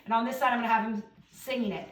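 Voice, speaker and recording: A woman teacher giving an online lesson to young children, reading a poem aloud with slow, expressive emphasis. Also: on the high side, echoey room, recorded from a distance.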